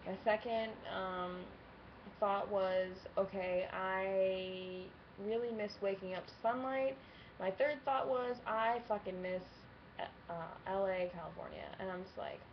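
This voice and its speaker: A woman in her twenties talks straight to camera in a casual home vlog, open and blunt, with plenty of swearing and laughter. Her voice sits at an ordinary middle pitch for a woman. It comes through a slightly dull, lo-fi webcam mic with a faint hiss behind it. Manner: candid, swears a lot, laughs often. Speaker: vlogger.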